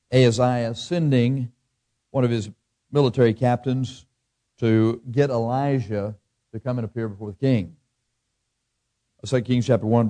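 A man of middle pitch preaching a sermon. He reads scripture with measured emphasis and breaks into folksy, chuckling asides. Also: warm tone. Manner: folksy, reads scripture in King James cadence, chuckles at own jokes.

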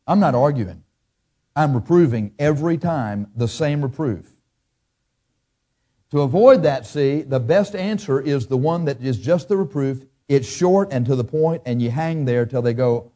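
A man preaching a sermon as pastor, blunt and emphatic, acting out people's excuses in a higher whiny voice. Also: animated, moderate pace, warm tone.

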